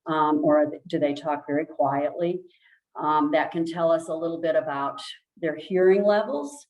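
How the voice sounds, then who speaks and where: A woman speech language pathologist giving a calm, explanatory presentation, with many ums and restarts. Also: low voice, moderate pace, reverberant, lo-fi sound. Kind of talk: informal presentation.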